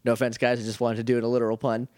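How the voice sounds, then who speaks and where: A man's voice: medium pitch, completely flat delivery, rapid-fire, darkish tone, dry recording, studio quality. A man in his twenties from New Hampshire co-hosting a podcast, joking, laughing often and reading listener mail aloud. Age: 20s. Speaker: podcast co-host. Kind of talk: casual chat.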